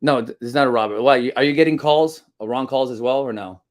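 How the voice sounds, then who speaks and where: A man's voice: medium pitch, quick pace. A man coaching real estate agents in a live stream, talking casually and energetically, often calling his viewers guys.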